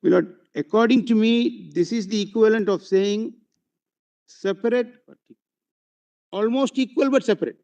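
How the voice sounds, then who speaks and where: Indian male advocate, high pitch, deferential courtroom argument, muffled courtroom audio. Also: vocal fry, darkish tone. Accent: Indian English. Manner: deferential, peppered with "my lord" and halting fillers. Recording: dull lo-fi courtroom audio feed.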